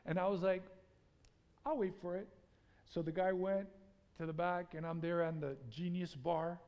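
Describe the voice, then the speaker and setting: A man preaching to a congregation, telling a story with animated energy and putting statistics to the crowd. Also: sits high, normal speed, dull audio. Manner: animated storytelling, acting out his own panic. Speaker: pastor. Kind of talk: sermon. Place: church sanctuary. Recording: long church reverb.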